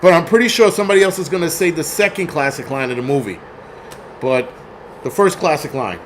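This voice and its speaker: A man's voice: a little high, animated, fairly quick, a little hiss or hum. Profane rambling man hosting a livestream. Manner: profane, rambling, reads chat aloud. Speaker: film review livestream host. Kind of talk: casual livestream chat.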